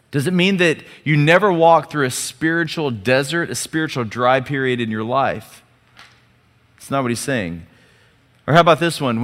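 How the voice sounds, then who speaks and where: A man's voice: a little high, fairly bright tone. Male pastor preaching in a reverberant church. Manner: conversational, rhetorical questions, audience call-and-response. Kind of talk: sermon.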